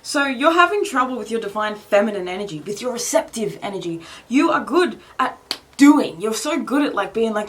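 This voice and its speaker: Chatty, swearing Australian-born tarot reader. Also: female voice, fairly high pitch, expressive, moderate pace, fairly bright tone, slight background noise. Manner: rambling, swears freely, laughs often, many "like" fillers. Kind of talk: casual tarot reading.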